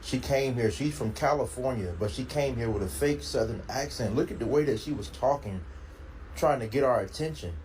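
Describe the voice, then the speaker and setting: A man's voice: medium pitch, a little fast, darkish tone, poor audio. A man speaking in a casual commentary clip, indignant and incredulous.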